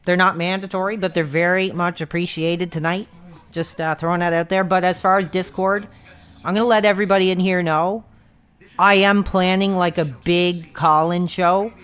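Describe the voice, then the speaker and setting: A man's voice: high-pitched, little pitch movement, normal speed, fairly bright tone, clean tone. A man chatting casually on a live stream, rambling with lots of fillers and restarts.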